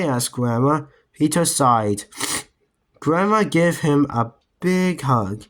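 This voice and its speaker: A man reading a children's book aloud in a slow, careful way. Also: on the high side, expressive, fairly bright tone. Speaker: reader.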